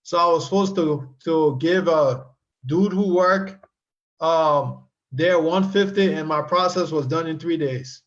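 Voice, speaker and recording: A man on a talk show, reading viewer comments and answering them in an animated way, with a lot of restarts. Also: on the high side, unhurried, lo-fi sound. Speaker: guest expert.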